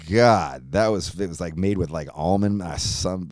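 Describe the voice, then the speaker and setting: A man's voice: fairly low pitch, expressive, moderate pace, hardly any pauses, a little mellow, no echo, clean studio sound. A man hosting a podcast, chatting casually with loose, profane, rambling enthusiasm. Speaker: podcast host.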